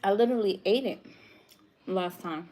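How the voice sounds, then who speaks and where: A woman's voice: medium pitch, mellow. A young woman with a New York accent, chatting casually with live viewers as a cooking vlogger, laughing often. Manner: laughs often, chatty, drawn-out slow speech.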